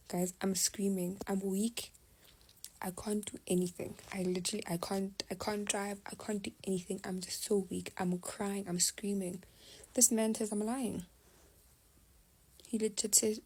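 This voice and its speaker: A woman's voice: mid-range voice, measured pace, husky, poor audio. A young adult woman, telling a personal story in casual storytime style, often dropping to a half-whisper. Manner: confiding, animated retelling, often half-whispered.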